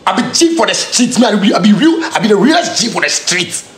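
Speaking fast in a high, sing-song voice, the Ghanaian Pidgin-accented musician delivers a furious direct-to-camera tirade. Street slang and repetition fill the confrontational outburst, and the space is reverberant.

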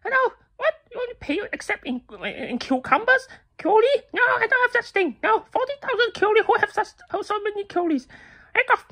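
A woman voicing a pushy female crow tengu newspaper seller in a comedic phone call skit, speaking hurried, broken English with eager repetitions. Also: very high voice, lively intonation, pushed and bright, full character voice. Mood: exasperated. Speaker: phone salesperson.

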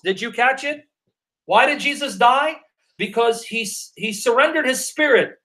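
Extremely high and sharp, the man's voice carries a live stream where he teaches the Bible and responds to viewer comments. He reads scripture with slow deliberation and keeps repeating his questions, emphatic about every point.

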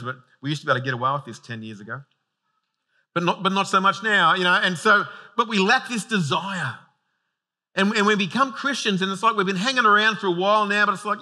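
A man preaching a sermon as pastor, animated and conversational, often restarting and repeating words. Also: high-pitched.

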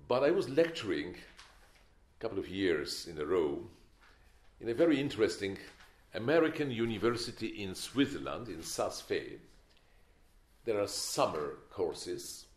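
An older man giving a film masterclass, opinionated and emphatic, with wry stories. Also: sits low. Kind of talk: masterclass lecture. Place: lecture hall. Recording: echoey lecture hall.

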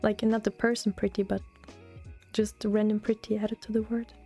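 A young German woman with a German accent, chatting softly and often half-whispering in a relaxed ASMR gaming stream, close to the mic. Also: medium pitch, normal speed. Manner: often half-whispered, relaxed, answers chat between gameplay. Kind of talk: soft-spoken ASMR gaming stream chat. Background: faint lo-fi music.

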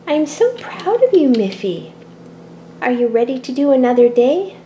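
A woman voicing a calm, kindly father bunny in a toy play-acting video, gentle and measured. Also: sits high, a little hiss or hum.

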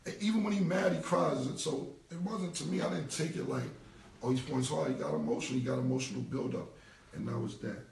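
Gravelly New man, forty, blunt. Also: a little high, fast, darkish tone. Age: 40s. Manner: blunt, repetitive, slangy. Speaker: interview guest. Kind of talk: casual interview talk. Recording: roomy, distant from the mic.

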